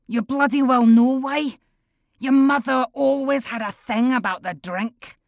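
Bitter old father, gruff and defensive, read by a woman narrator, slow and dry. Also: mid-range voice, animated, a bit bright, no echo, exaggerated voice. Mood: harsh. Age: older. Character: bitter older father, dismissive boozer. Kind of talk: audiobook character voice.

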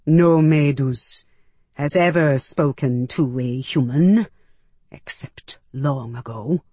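A woman voicing a cold, distrustful alien creature with a growling, slow and measured menacing delivery. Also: very deep voice, warm tone, slightly rough, dry recording, heavily acted.

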